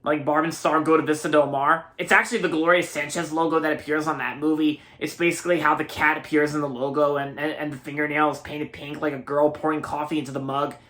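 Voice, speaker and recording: A man's voice: on the high side, level tone, fast, few pauses, fairly bright tone. A young man in his early twenties from Maryland, giving a rambling, casual movie review and often repeating himself. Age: early 20s.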